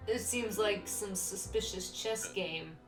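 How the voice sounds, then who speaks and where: A chatty young woman talking her way through a game, reading screens aloud as she goes. Her voice sits at an ordinary pitch over clearly audible game music. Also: slow, distant mic, low-quality recording. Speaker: let's-play host. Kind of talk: casual gameplay chat. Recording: game music playing behind.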